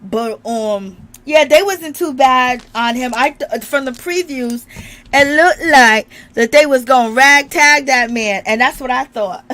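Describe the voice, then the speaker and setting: A woman's voice: high voice, slow pace, pushed and bright. A woman chatting casually to her viewers about a reality show, laughing often and talking with a strained voice as she recovers from illness. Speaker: reality TV recap vlogger.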